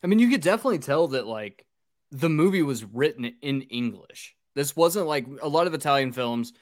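A man's voice: fairly high pitch, lively intonation, brisk, no room sound, clean studio sound. A man hosting a casual podcast, recapping a film's plot in a loose, rambling way with fillers and swearing. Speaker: podcast host recapping a film.

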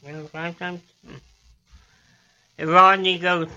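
A male comedian tells long, drawn-out jokes in a studio chat and slips into character voices for the punchlines. He talks at an unhurried pace, and his voice has a very bright, sharp edge. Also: sits high, muffled recording. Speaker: guest comedian. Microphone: studio microphone.

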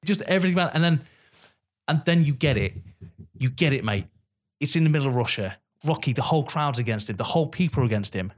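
A man with a British accent in casual chat as a podcast co-host, excitable, swearing and laughing a lot. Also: on the high side, fast, slight background noise. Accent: British English.

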